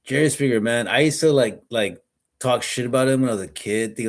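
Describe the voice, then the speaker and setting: A man on a podcast, chatting casually and telling stories in a rambling way. He repeats his words and breaks into laughter often, with an ordinary middle pitch. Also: a little fast. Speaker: podcast co-host. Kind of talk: casual chat.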